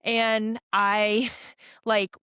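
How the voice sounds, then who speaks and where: A woman's voice: medium pitch, little pitch movement, drawn-out words, pushed and bright, smooth, dry recording, clean studio sound. A young adult woman, a podcast guest, telling a long story in a casual, rambling way with lots of fillers and restarts. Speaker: podcast guest, ultra runner.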